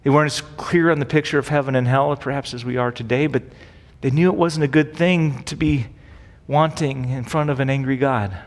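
A man's voice: medium pitch, steady tone, brisk, few pauses. A man teaching through a Bible passage as a pastor, in a casual, conversational way, often checking in with rhetorical questions. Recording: long reverb.

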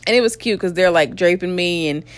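A woman's voice: fairly low pitch, a little fast, dry recording. A young adult woman casually telling her birth story, candid and blunt, with crude humor and frequent laughs.

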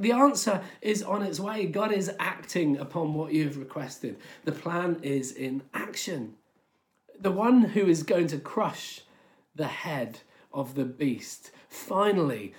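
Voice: medium pitch, lively intonation, measured pace. A preacher giving a sermon in a conversational, storytelling way, often using filler words.

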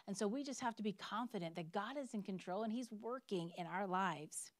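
A woman's voice: mid-range voice, a little fast, no room sound, clean studio sound. A woman preaching a sermon in an earnest, emphatic way, reading scripture and telling personal stories.

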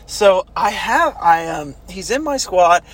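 A man casually telling stories from basic training, animated and swearing, now and then shouting out quoted orders. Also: high voice, slow. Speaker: former army recruit telling stories. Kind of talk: casual storytelling chat.

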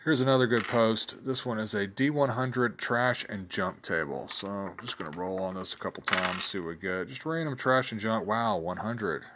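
A man with a somewhat low voice hosts a casual solo show. He talks in a loose, chatty way and laughs at his own jokes. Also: moderate pace, few pauses, fairly bright tone, a little hiss or hum. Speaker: host reviewing tabletop game blogs.

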